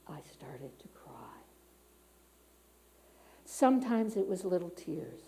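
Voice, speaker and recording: A woman's voice: on the low side, very animated, normal speed, dark tone, low-quality recording. A middle-aged woman giving a conversational sermon in a church, candid and personal, with frequent fillers and restarts. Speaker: church speaker. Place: church sanctuary.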